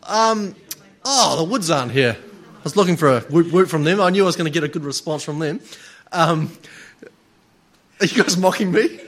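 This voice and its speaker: A man lecturing a live group, chatty and playful with the audience, then slow and deliberate. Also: fairly high pitch, expressive, a bit bright.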